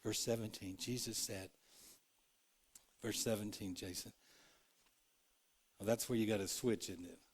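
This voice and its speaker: A man preaches in a church with a low-pitched voice. He is earnest and shifts from loud phrases to hushed ones, acting out the lines he quotes. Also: fairly even intonation, measured pace, long pauses, husky. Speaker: pastor. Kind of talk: sermon. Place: church sanctuary.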